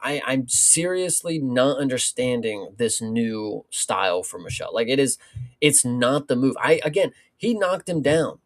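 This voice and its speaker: A man's voice: mid-range voice, animated, a little slow. A man co-hosting a fight review podcast, retelling moments in a fired-up, swearing way. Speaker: podcast co-host. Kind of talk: casual fight review chat.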